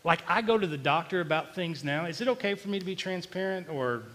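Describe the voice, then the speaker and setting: A male pastor, preaching an emotional, confessional sermon that swings between quiet and loud. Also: high voice, expressive, a little fast, big-room sound. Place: church sanctuary.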